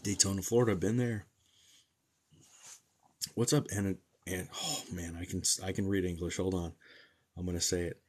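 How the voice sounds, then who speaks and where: Casting: young man from New Jersey, low husky voice, chatty livestream host answering comments with jokes. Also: fairly even intonation, normal speed, long pauses. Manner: chatty, joking, reacts to comments aloud. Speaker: medium doing a livestream Q&A. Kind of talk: casual livestream chat reading comments.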